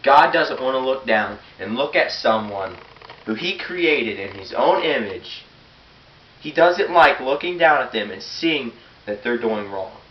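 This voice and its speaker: A man's voice: mid-range voice, lively intonation, a little slow. A teenage boy giving an earnest, blunt sermon and reading scripture aloud. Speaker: youth preacher. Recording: roomy, dull, hissy, far from the mic.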